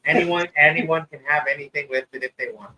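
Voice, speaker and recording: A man hosting a podcast in casual chat, relaxed and quick to agree. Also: on the high side, far from the mic, a crowd in the background, rough recording. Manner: laid-back, chimes in with short agreements.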